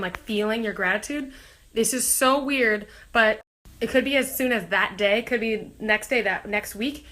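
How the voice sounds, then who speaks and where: A young woman talks quickly and brightly straight into her phone, held at arm's length. She is chatty and bubbly, peppering her sentences with "like". She is still getting over being sick. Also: a little high. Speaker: singer talking to fans. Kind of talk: casual selfie vlog.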